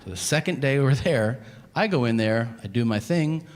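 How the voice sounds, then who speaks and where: Brief: male stand-up comic, profane, deadpan storyteller, middle pitch; live hall reverb with crowd noise. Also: moderate pace. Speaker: stand-up comedian. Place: comedy stage before an audience.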